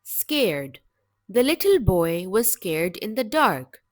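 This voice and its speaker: A woman teaching English vocabulary in a slow, deliberate scripted lesson, with measured, clear word-by-word delivery. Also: mid-range voice, sing-song, no room sound, studio quality.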